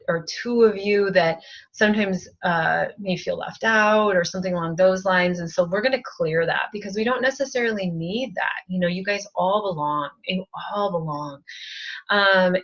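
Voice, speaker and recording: Over a video call, a woman who works as a spiritual advisor guides a group energy-healing session. She speaks softly, her phrasing emotional and halting, with lots of fillers. Her voice is mid-range and the audio sounds dull.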